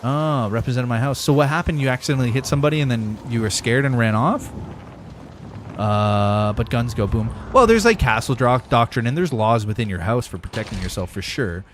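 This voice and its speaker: A young man live-streams a game and rants to his viewers, swearing freely and leaning hard on his points. His voice sits at an ordinary middle pitch, with faint noise behind it. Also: animated, a little fast. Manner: profane, ranting, emphatic. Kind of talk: casual gaming livestream chat.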